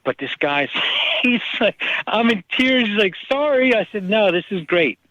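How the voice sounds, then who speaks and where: Animated male author telling stories. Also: sits high, normal speed, lo-fi sound, slight background noise. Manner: animated, acts out quoted people. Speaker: author guest. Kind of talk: casual storytelling.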